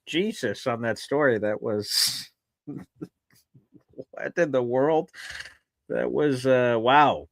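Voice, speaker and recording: A man's voice: mid-range voice, expressive, drawn-out words, creaky, long pauses, no room sound. A man hosting a live sports talk stream, emotional and effusive, laughing often and reading out viewer messages. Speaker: sports talk show host.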